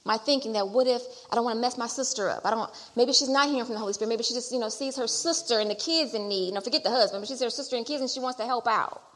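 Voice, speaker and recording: A middle-aged woman preaching a sermon and telling her own testimony. She repeats phrases as she builds toward loud exhortation. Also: on the high side, rapid-fire, hardly any pauses. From Detroit area. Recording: long hall reverb.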